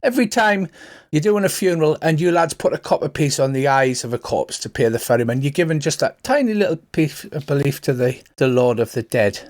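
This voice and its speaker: A man's voice: fairly high pitch, animated, fairly quick, lightly acted. A man voicing a large, sly male priest with a put-on Irish accent, chatty and folksy. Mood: persuasive. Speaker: cleric character.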